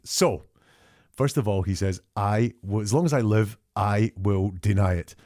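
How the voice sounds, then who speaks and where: A man's voice: on the low side, measured pace, warm tone, no room sound, studio quality. A man hosting a show, analysing public denials in a conversational, point-by-point way. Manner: conversational, picks apart quotes word by word. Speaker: statement analyst host. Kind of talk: analytical commentary.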